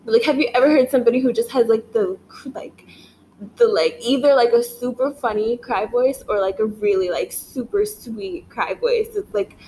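Rambling young woman vlogger, high voice. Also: moderate pace, warm tone, a little hiss or hum. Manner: rambling, swearing often, lots of "like" fillers. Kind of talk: casual rambling chat to camera. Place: living room at home, indoors.

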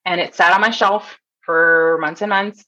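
A woman in her thirties from Toronto, with a fairly low voice, tells a story as a guest in a relaxed interview. She is animated and acts out the people she quotes, and her speech is loose and full of restarts. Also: unhurried, dull audio. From Toronto, Canada. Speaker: guest, nurse.

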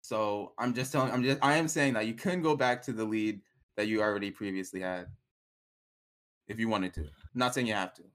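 A man's voice: on the low side, brisk, a bit bright. Chatty male game master, loose and wordy. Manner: rambling, filler-heavy with frequent "like" and "right?". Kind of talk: narrating a tabletop role-play.

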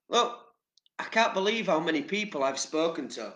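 A man's voice: on the high side, big pitch swings, unhurried, pauses often, fairly bright tone, reverberant. An English man giving casual motivational talk to camera, chatty and rambling, with casual swearing. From England. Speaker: vlogger.

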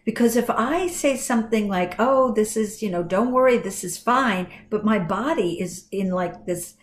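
A woman voice and communication coach talking casually on a podcast, telling animated stories about her clients. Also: fairly high pitch, slight background noise.

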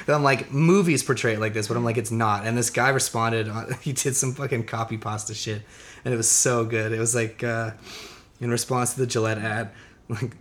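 A man's voice: mid-range voice, fairly even intonation, moderate pace, a bit bright. A man co-hosting a casual podcast chat, rambling loosely, swearing freely and laughing often. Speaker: podcast co-host.

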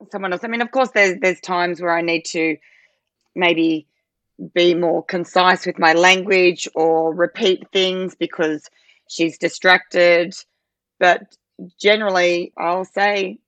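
On an interview podcast, an Australian parent advocate in her thirties chats casually, earnestly explaining with frequent "I suppose"s and "you know"s. Her voice sits lowish, a bit bright and a little slow. There's no room sound in the recording.

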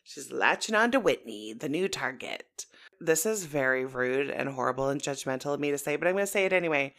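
Bright-voiced woman, blunt and laughing. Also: deep voice, animated, fairly quick. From Canada. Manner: blunt, swears, laughs easily. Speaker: podcast co-host. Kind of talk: casual recap chat.

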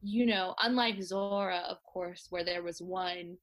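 A woman voicing a grand, self-regarding older actress famed as a sitcom mother, speaking slowly and stately with haughty poise. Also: fairly low pitch, fairly even intonation, close to an everyday voice. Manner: slow, stately, haughty speech. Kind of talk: comedic impression.

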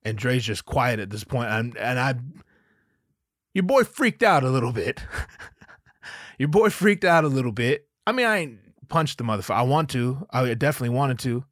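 Animated, profane man telling a story. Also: mid-range voice, normal speed, dry recording, studio quality. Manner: animated, profane, laughs while telling stories. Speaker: podcast host. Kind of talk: casual storytelling monologue.

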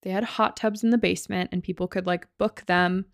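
A woman co-hosting a podcast speaks at medium pitch and a brisk pace, her intonation fairly even, on a dry close-mic recording. She casually recounts a ghost-hunting show, saying "like" a lot and swearing here and there in loose, sweary fashion.

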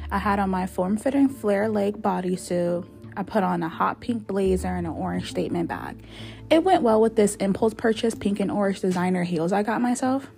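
A woman's voice: mid-range voice, gravelly, darkish tone. A woman narrating a fictional journal in a chatty, sassy, confiding way. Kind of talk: dramatic reading of a fictional journal.

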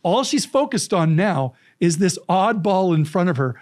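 A middle-aged man telling anecdotes as a podcast guest, lively, acting out quoted lines and laughing often. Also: sits high, moderate pace. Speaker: storytelling coach, podcast guest. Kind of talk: animated anecdotal storytelling.

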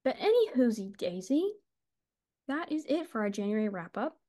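A woman's voice: a little high, sing-song, normal speed, warm tone. A woman co-hosting a casual book podcast, gushing and chatty, swearing and laughing as she talks. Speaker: podcast co-host.

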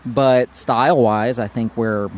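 A man's voice: mid-range voice, fairly even intonation, takes it slowly. Easygoing man talking shop, lots of fillers. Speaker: brewery guest. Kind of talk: casual podcast conversation.

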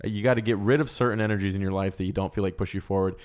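A young man hosting a comedy podcast, talking in a loud, crude, joking way. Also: fairly low pitch, fairly even intonation, very fast. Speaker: podcast host. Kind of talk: casual comedy podcast chat.

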